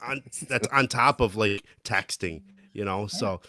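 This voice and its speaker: A man's voice: fairly low pitch, unhurried, bright, forceful tone, no echo. A man co-hosting a podcast, recounting stories in chatty casual talk. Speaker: podcast co-host, amateur hockey player. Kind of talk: casual chat.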